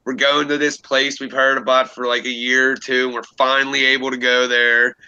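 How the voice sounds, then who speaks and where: A young man hosting a casual livestream, telling a rambling story full of swearing and laughter. His voice is very bright and forward, and it sounds dry and close, with almost no room around it. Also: mid-range voice, fairly quick, clear, resonant tone, no echo, muffled recording. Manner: animated, profane storytelling with laughs. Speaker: livestream host.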